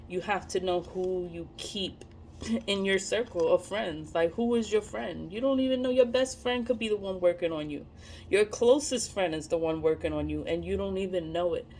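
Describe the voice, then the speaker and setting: A woman's voice: fairly low pitch, moderate pace, a little mellow, a little hiss or hum. A young woman talking casually to camera, blunt and profane, laughing often as she speaks. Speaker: vlogger.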